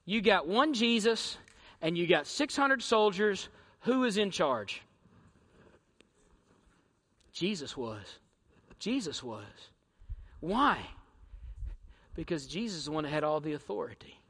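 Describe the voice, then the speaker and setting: A male pastor preaching a sermon in a church, dramatic, swinging from shouts to hushed near-whispers and firing rhetorical questions at the congregation. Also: high voice, lively intonation, moderate pace, long reverb tail. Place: church sanctuary.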